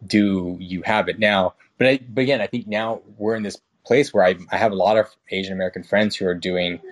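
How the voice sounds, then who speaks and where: Low-voiced young man, rambling chat. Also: fairly even intonation, a little fast. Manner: rambling, many restarts and fillers; frank, swears casually. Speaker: guest. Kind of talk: casual conversation.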